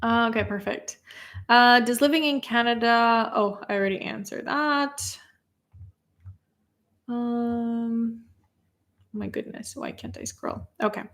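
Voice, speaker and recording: Speaking slowly with long pauses, a young woman whose English is a second language casually fields viewer questions during a livestream. Her fairly high, fairly bright voice stays chatty, and she laughs a lot.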